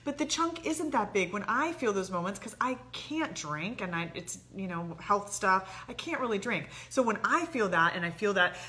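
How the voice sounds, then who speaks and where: A woman on a talk show giving earnest, animated advice, sometimes dropping soft and low. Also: moderate pace, hardly any pauses. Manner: earnest, animated, dips soft and low when quoting inner thoughts. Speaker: therapist guest. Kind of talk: casual advice chat.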